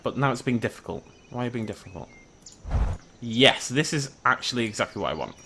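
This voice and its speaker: A man giving excitable, chatty gameplay commentary and talking to the animals on screen. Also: medium pitch, a little fast, slight background noise. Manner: excitable, chatty, talks to the creatures. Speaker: gaming YouTuber. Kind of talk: game commentary.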